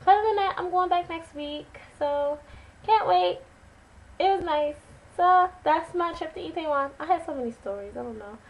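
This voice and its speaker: A woman vlogger telling a story to camera in a casual, animated, chatty way. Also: very high-pitched, moderate pace, muffled recording. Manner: animated, chatty, dramatic retelling.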